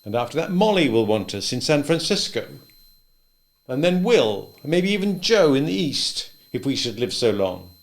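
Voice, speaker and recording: A man voicing a wry, stubborn old male farmer who speaks gently and thoughtfully, a bit louder than his narration. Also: medium pitch, big pitch swings, normal speed, pitched above the performer's own voice. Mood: wistful.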